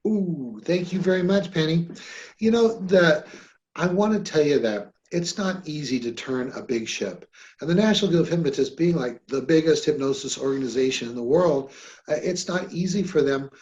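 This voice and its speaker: A man's voice: on the high side, normal speed, a little mellow, muffled recording. A man hosting a podcast about hypnosis, talking in a friendly, rambling way with many fillers. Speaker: podcast host and hypnosis trainer. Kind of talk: casual podcast chat.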